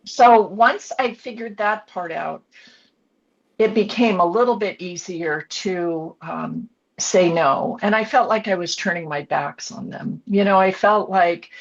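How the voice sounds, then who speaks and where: A woman in her sixties, an author and coach, earnestly telling her own family story as a podcast guest in short reflective phrases. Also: fairly low pitch. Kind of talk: candid personal storytelling. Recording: dull lo-fi podcast audio.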